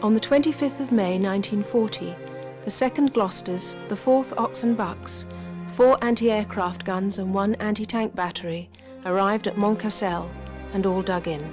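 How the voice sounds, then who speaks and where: A woman's voice: mid-range voice, normal speed, music in the background. Woman narrating a documentary. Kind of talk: scripted narration.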